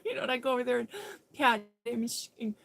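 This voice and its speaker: A woman's voice: on the high side, level tone, quick pace, creaky. A woman chatting casually to her viewers on a live stream, rambling and restarting her sentences, often breaking into laughter. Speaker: livestream host.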